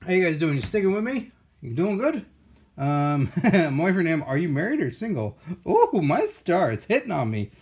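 A man hosting a casual live-stream unboxing, excitable and playful, gushing over his finds and joking with viewers. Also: on the high side, moderate pace, breathy edge. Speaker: unboxing video host.

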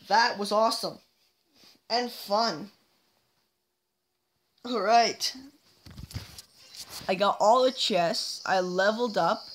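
A woman's voice: mid-range voice, takes it slowly, pauses often, slight background noise, low-quality recording. A woman giving casual, playful let's-play commentary as she plays, chatting to herself and taunting enemies in a mock-villain way. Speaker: gameplay commentator.

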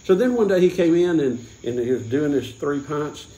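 A man's voice: a little high, expressive, moderate pace, warm tone, roomy sound, a little hiss or hum, poor audio. Rambling man telling a drinking joke. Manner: rambling, full of restarts and chuckles. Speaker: host of a beer tasting. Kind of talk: casual chat, telling a joke.

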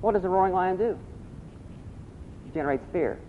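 A man's voice: sits high, normal speed, a little hiss or hum. A man preaching a sermon, asking the congregation questions and repeating key phrases. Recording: dull lo-fi recording.

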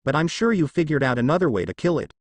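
A man doing Dean, a gruff sarcastic young man. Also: a little high, sing-song, quick pace, slight background noise. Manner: sarcastic, curt.

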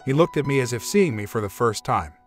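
A man reads a first-person relationship story aloud, steady and a little wry, at a middle pitch. Soft music plays faintly beneath his narration. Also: a little fast.

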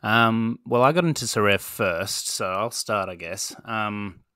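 A man with a very deep but bright, forceful voice, recorded dry and close. He chats as a podcast guest with self-deprecating sarcasm, chuckling through his stories. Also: a little slow, no echo. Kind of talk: casual chat.

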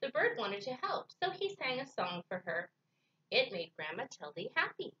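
A woman librarian reading picture books aloud to children in an expressive storytime voice. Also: a little high, normal speed, distant mic, highs cut off.

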